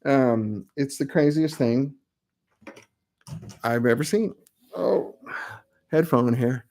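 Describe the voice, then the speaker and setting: A man's voice: mid-range voice, slow, a little mellow. A middle-aged man, an amp builder, chatting casually and rambling with self-mocking asides while hosting his live web show. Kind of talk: casual live-stream chat.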